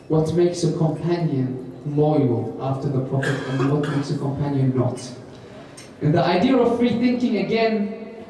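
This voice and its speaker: A man's voice: sits high, warm tone, a little hiss or hum. A man giving a mosque lecture, telling stories and asking rhetorical questions. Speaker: preacher. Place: large mosque hall. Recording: echoey hall, mic far off.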